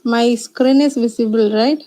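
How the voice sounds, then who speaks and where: A woman with an Indian English accent lectures over a video call. Her voice sits a little high. She pauses often, fills gaps with "uh" and restarts her sentences as she works through her slides. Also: steady tone, dark tone, low-quality recording. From Kerala, India. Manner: hesitant, many uh fillers and restarts. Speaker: assistant professor presenting a talk. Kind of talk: online lecture presentation.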